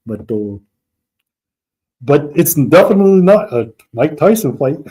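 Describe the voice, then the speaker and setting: His voice is fairly high and warm, slightly rough, with big pitch swings and a slightly slow pace. Hosting a live religious talk online, he argues with chat viewers in a mocking tone, addresses them directly, and quotes Arabic verses.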